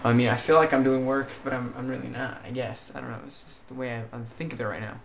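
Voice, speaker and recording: Tired guy vlogging in some made-up mixed accent, mid pitch, lots of um and uh, bit of hiss. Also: fairly even intonation, fast, vocal fry. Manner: hesitant and rambling, many fillers and restarts; puts on a vague mixed foreign-sounding accent. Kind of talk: casual chat to camera.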